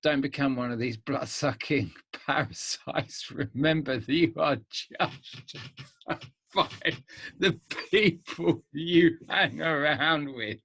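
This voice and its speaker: A man's voice: on the high side, slow, gravelly, a bit bright, breathy edge, no room sound, pitched above the performer's own voice, exaggerated voice. A man doing a hearty Australian bloke. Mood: cheery blunt. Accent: put-on Australian. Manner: hearty, slangy, laughing through lines. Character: cheery blunt Australian male commenter.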